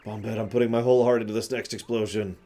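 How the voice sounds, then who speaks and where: A man's voice: fairly low pitch, flat delivery, fast, warm tone, voice pushed up, natural voice. A man doing a lovesick bomb creature. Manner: earnest, theatrical.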